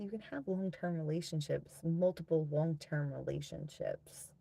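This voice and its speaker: A woman's voice: on the low side, steady tone, moderate pace, gravelly, few pauses, warm tone. A woman, hosting a casual livestream and chatting crudely and teasingly with viewers. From New Zealand. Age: 30s. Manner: crude, giggly, teasing banter with frequent laughter. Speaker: livestream host. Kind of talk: casual live chat with viewers.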